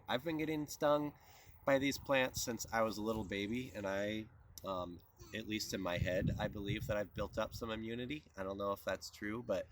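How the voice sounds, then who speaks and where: A man's voice: on the low side, fairly bright tone, a little hiss or hum. A man presenting a tutorial outdoors at a plant patch, explaining step by step in an easygoing way. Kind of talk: casual outdoor teaching.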